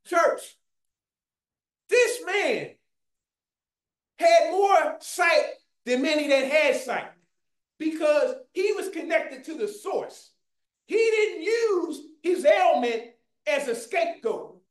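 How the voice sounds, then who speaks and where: High-pitched fervent preacher in an echoey church. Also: animated, slow. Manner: fervent, shouting, calls out to the congregation. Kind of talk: sermon. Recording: echoey room.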